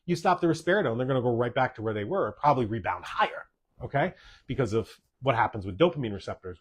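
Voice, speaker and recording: A male doctor hosts a podcast, answering listener questions in a casual, chatty Q&A. His voice is mid-pitched and husky, and he's emphatic, driving key points home by repeating them and tagging sentences with "okay?"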